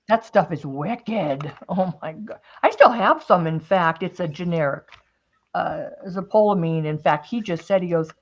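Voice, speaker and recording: A woman's voice: lowish voice, expressive, a little slow, lo-fi sound. A woman hosting a casual craft-and-chat stream, telling a long story in a rambling way with many restarts. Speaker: host.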